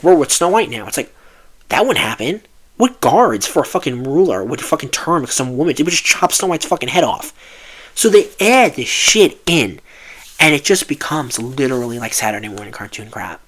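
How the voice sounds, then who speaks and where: A man's voice: a little high, a bit bright. A man giving a film review as a heated, profane rant, with frequent restarts and exasperated asides.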